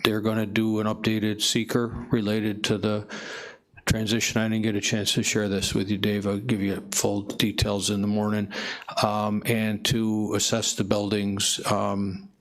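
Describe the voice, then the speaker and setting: A man giving an informal report to a county board, hesitant with many pauses and fillers. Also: on the low side, monotone. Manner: hesitant, many ums and uhs. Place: county meeting room.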